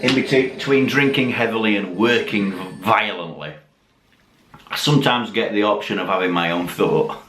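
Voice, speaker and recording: A man's voice: on the low side, moderate pace, a crowd in the background. A tipsy man, rambling, swearing and mocking himself as he chats to camera at home. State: tipsy from drinking. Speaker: YouTube channel host. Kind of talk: casual chat to camera. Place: dim room at home, lit by Christmas lights. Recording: echoey room with faint background noise.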